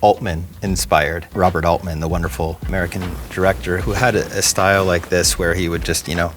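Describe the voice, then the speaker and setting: A man's voice: sits low, little pitch movement, fairly quick, soft background music. Enthusiastic middle-aged man from New Jersey. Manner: enthusiastic, laughs easily, some restarts. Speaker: film director and editor. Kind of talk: casual interview chat.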